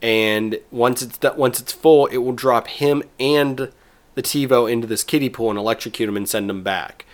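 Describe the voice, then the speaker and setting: A man's voice: medium pitch, normal speed. Chatty man recapping an episode. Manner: rambling, with restarts and acted-out quotes. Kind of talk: casual chat, recapping a TV episode.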